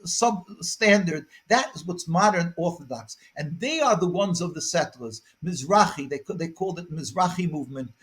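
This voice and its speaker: A high-voiced man, a rabbi, answers interview questions in long earnest stretches. He repeats words while finding his thought and then presses his points with force. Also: animated, normal speed, hardly any pauses. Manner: rises to forceful emphasis.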